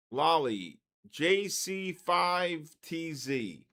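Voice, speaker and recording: Slow, lively-pitched man calling out numbers. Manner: drawn-out, repetitive number calling. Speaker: trading stream host. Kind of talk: live stream giveaway, calling out winners.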